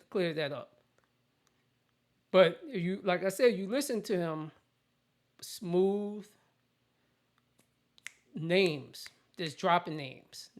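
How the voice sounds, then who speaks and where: Blunt, opinionated commentary host. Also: medium pitch. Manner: blunt, opinionated rant with frequent restarts. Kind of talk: casual political commentary.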